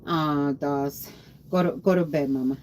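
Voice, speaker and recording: Low tired woman on a livestream, slow and rambly, shouting out chatters by name. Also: steady tone, slight background noise. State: tired after a long day. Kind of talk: casual livestream chat with viewers.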